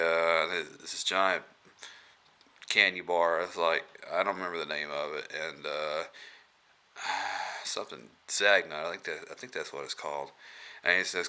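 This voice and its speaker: A man talks through a film review in a loose, rambling way, full of hesitations and restarts and chuckling as he retells scenes. His voice sits a little low but sounds very bright and sharp, with a smooth, crisp clarity. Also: takes it slowly, pauses often. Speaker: movie reviewer. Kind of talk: casual movie review vlog.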